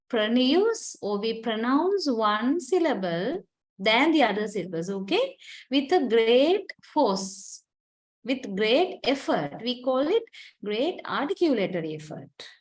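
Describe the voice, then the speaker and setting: A woman's voice: on the high side, poor audio. A woman lecturer explaining a topic to her class in a patient classroom lecture, often checking in with her students. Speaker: university lecturer.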